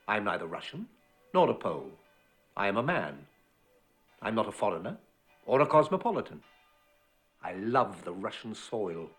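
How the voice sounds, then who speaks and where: An actor playing a tormented young male dancer sliding into madness, delivering a film voice-over monologue in a hushed, often whispered voice that breaks into far-off shouts. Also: on the low side, full character voice.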